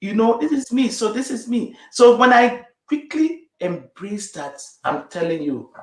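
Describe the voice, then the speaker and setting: Middle-aged woman, interview guest, emphatic and repetitive, fairly high for her, roomy echo. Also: sing-song, measured pace, darkish tone. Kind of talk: interview conversation.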